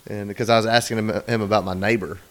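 A man's voice: fairly low pitch, fairly even intonation, very fast, a bit bright. A man telling a long, crude, rambling story on a casual podcast, often acting out other people's lines. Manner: rambling, profane, acts out quoted voices.

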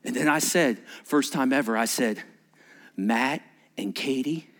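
A male pastor preaching a sermon. He acts out wedding scenes in an animated way and drops to a hushed, low delivery for emphasis. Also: a little slow, in a large hall.

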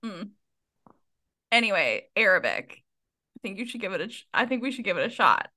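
A woman co-hosting a book podcast in casual chat, animated, laughing often and swearing freely. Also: medium pitch, brisk. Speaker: podcast co-host.

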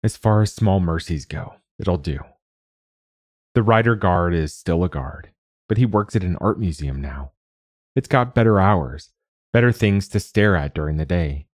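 A man narrating a short story as host, calm and measured. His voice is very low. The recording is close and dry, with no room sound. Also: dry recording.

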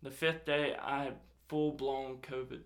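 A young man with a medium-pitched voice, speaking a little slowly, casually tells a personal story. He swears a lot and animatedly acts out quoted dialogue as he retells it.

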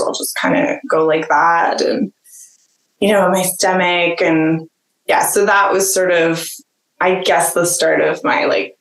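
A woman talks casually about her own experience, filling her speech with "like" and laughing now and then. Her voice sits a little low. The recording carries a roomy echo. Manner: chatty, full of "like" fillers, laughs often. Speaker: podcast guest, jeweler. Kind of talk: casual personal storytelling.

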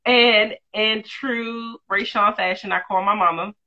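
A woman, a mother of two, telling a personal story in a candid, lively, casual way with quick asides. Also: medium pitch, highs cut off. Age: adult, mother of two.

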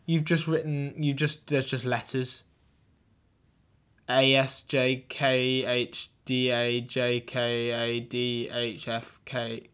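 A man's voice: medium pitch, little pitch movement, takes it slowly, fairly bright tone, smooth. A young man co-hosting a comedy podcast, talking in a hesitant, rambling, playfully earnest way. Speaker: podcast co-host.

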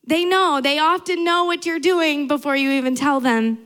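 Casual: young woman giving a sermon, high-pitched, earnest, leans on repetition. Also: normal speed, a bit bright. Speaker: preacher.

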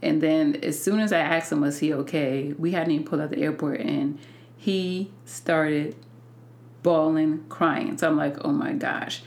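A woman hosting a podcast and telling a personal story in an unhurried way, with many fillers and restarts. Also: sits low, steady tone, gravelly. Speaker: podcast host.

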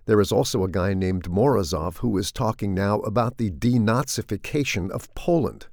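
A middle-aged man with a low, gravelly voice reads his comic commentary in a wry, deadpan way. He sounds close and dry, with no room around him. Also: moderate pace, hardly any pauses, no echo. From United States. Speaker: commentator hosting a weekly segment.

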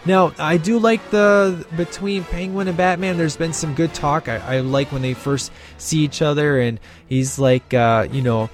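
A man's voice: fairly high pitch, measured pace, hardly any pauses. Man, casual film reviewer, rambling chatty delivery, faint music underneath. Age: adult with a child. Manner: rambling, lots of fillers and restarts.

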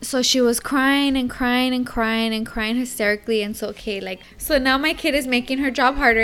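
A young woman chatting casually and telling a story in an animated way, acting out a little child's lines. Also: fairly high pitch, clear, resonant tone. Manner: animated storyteller, acts out her toddler's lines. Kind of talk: casual chat.

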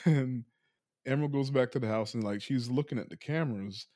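Retelling a movie on his podcast, a man stays playful and relaxed, breaking into laughter frequently. He has a mellow, medium-pitched voice at a moderate pace, captured with studio quality and no room sound.

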